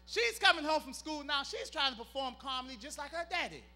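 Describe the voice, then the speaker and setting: A man's voice: very high voice, expressive, fairly quick, bright, forceful tone. A man performing clean stand-up comedy, playful and teasing the crowd.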